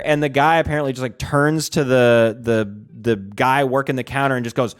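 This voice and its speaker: A man's voice: mid-range voice, steady tone, moderate pace, hardly any pauses, clean tone. A man streaming casually, rambling and swearing, with a lot of "like" and restarts. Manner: rambling and profane, heavy use of "like". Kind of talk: casual livestream chat.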